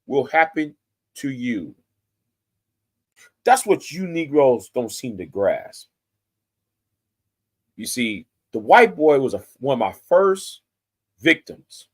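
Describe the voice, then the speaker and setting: A man in his forties giving a confrontational, threatening rant straight to the camera, profane and repeating himself for emphasis. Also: mid-range voice. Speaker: YouTube commentator. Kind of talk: angry direct-to-camera rant.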